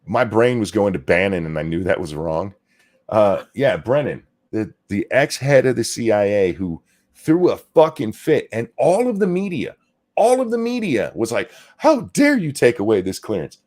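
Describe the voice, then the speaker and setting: A male show host talking fast and ranting with sarcasm, dropping swear words as he goes. His pitch swings widely, rising and falling through every point. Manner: animated, swearing, sarcastic rants. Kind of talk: casual political commentary chat.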